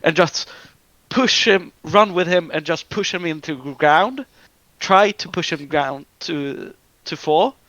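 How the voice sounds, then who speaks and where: A man describing his character's actions in a tabletop game, slowly searching for words. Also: on the high side, fairly bright tone, no echo, poor audio. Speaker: player.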